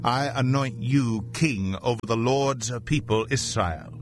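A man's voice: mid-range voice, slow, over music, close to an everyday voice. A man reading the part of a stern male prophet, delivering a solemn declaration in his own plain voice.

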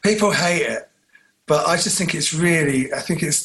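A man co-hosting a casual podcast, spinning long, animated stories. His voice sits a little high for a man. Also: unhurried, pauses often. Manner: rambling, animated storyteller. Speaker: podcast co-host. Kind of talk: casual chat.

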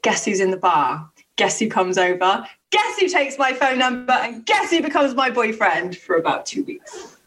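A woman's voice: fairly high pitch, normal speed. A young woman tells a rambling story in casual podcast chat. She swears a lot and trips over her words. Her voice sounds a little distant from the mic. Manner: animated, swears freely, lots of restarts. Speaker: podcast co-host telling stories.

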